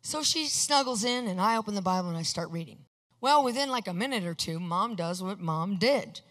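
A preacher delivers a storytelling sermon, animated and expressive, acting out the lines of the people in the story. The tone is bright and forward, and a long hall reverb trails each phrase. Now and then the preacher asks the congregation for an amen. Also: medium pitch, fairly quick. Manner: animated, acts out quotes, asks the congregation for amens.

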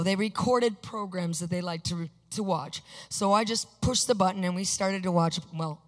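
An animated, expressive preacher with a mid-range voice tells a story in a sermon, acting out what the people in it said. The tone is bright and forward, with a long hall reverb trailing each phrase, and now and then the congregation is asked for an amen.

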